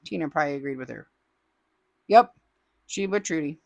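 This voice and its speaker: Chatty woman host with a bouncy, lively voice. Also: sits low, normal speed, gravelly, dry recording. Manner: chatty, playful, teasing asides. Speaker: host of a crafting channel. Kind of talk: casual chat reading viewer comments.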